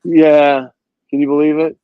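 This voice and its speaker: A man's voice: on the high side, flat delivery, a little slow. A man showing off comic books in a casual video-call chat, telling stories as he goes. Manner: chatty show-and-tell, storytelling. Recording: dry, dull lo-fi call audio.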